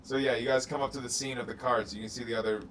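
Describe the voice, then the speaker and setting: A man's voice: mid-range voice, fairly even intonation, racing, fairly bright tone, far from the mic. A man narrating as game master of a tabletop game, in a loose, rambling way full of fillers and restarts. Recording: noisy recording from off mic.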